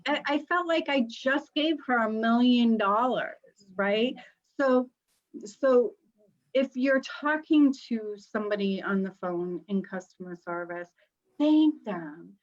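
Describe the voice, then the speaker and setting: A woman's voice: on the high side, takes it slowly, lo-fi sound. A middle-aged woman hosting a live online panel, talking in an upbeat, chatty way about spiritual ideas. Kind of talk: casual panel talk.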